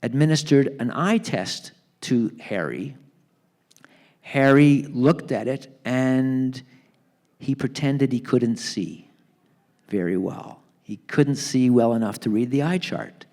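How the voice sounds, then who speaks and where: A man telling a family story in a live onstage book talk, acting out the people in it with lively voices. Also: mid-range voice, slow pace. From Canada. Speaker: author being interviewed. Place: theatre stage.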